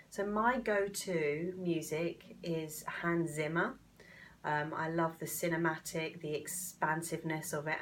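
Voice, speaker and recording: Woman coach, deep for her sex, calm and encouraging, walks listeners through a self-help exercise; recorded off-mic with faint hiss. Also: far from the mic. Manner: calm, encouraging, repeats phrases for emphasis. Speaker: mindset coach. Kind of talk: instructional talk demonstrating a technique.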